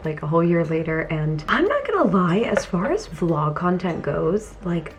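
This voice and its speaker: Young woman, casual home vlog, chatty, laughs a lot, slightly low voice, faint hiss behind. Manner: chatty, laughs often, trails off into soft murmurs. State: teary from crying. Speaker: vlogger. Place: home, indoors.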